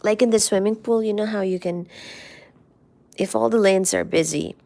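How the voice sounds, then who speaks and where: A woman hosting a casual live stream, chatting affectionately about her cats in a soft, rambling way that often drops to a near-whisper. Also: mid-range voice, normal speed, creaky. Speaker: livestream host.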